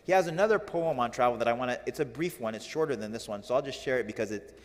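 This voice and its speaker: A man giving a religious lecture on classical poetry, animated and firing rhetorical questions at his audience. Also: medium pitch, fast talker, long reverb tail. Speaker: religious teacher.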